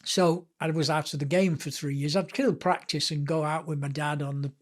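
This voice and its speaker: An older man from Lancashire in England, a guest author on a podcast, tells anecdotes in a somewhat high voice at a normal speed. His stories are lively and chatty, laced with self-deprecating humour.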